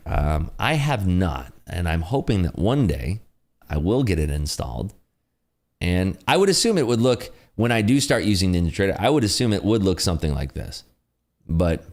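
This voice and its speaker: A young adult man hosting a day-trading livestream, chatting casually with viewers in an animated, ranting way full of fillers. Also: sits low. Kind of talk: casual livestream chat answering viewer questions.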